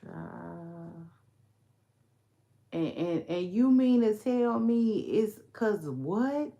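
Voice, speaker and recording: A woman's voice: medium pitch, expressive, drawn-out words, gravelly, warm tone, dull audio. A woman hosting a podcast, ranting about celebrity news in slangy casual talk, sighing and laughing as she goes. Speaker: podcast host. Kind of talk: casual celebrity gossip monologue. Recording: echoey room.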